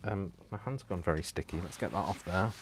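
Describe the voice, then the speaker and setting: A man's voice: sits low, brisk, breathy edge. A man hosting a live craft stream, chatty and self-mocking, laughing often as he works. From United Kingdom. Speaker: crafting channel host.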